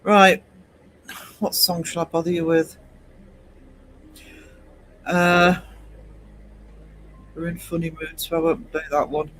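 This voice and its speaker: A man's voice: a little high, flat delivery, slow, long pauses, a bit bright, a little hiss or hum, low-quality recording. A man hosting a casual livestream chat, rambling between topics, chuckling often and reading viewers' comments aloud. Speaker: livestream host.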